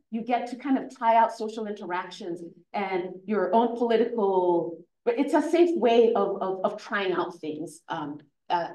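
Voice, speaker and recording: A woman teacher closing out her conference panel talk, speaking earnestly and haltingly with fillers. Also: mid-range voice, dark tone. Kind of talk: conference presentation. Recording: echoey room.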